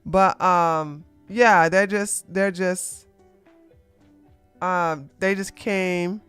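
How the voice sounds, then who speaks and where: Streamer commentator, animated, talks back to chat, smooth close voice, faint music behind. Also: medium pitch, very slow, long pauses, no echo. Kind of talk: live stream drama commentary.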